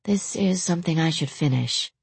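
A cool, detached spirit servant voiced by a woman reader speaks in a formal, even manner. Her voice is low and breathy, and the recording is close and dry. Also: normal speed, no room sound, full character voice. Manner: calm, formal, unemotional.

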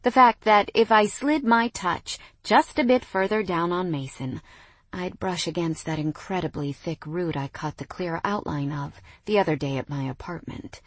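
A young adult woman narrating a first-person romance audiobook in an expressive, wry manner. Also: lowish voice, moderate pace, breathy edge, no echo.

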